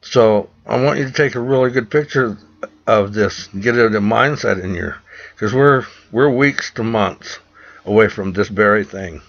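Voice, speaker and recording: Urgent low-voiced man ranting to camera. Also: normal speed. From United States. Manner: urgent, preachy, repeats himself. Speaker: vlogger. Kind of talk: direct-to-camera rant. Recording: dull lo-fi recording.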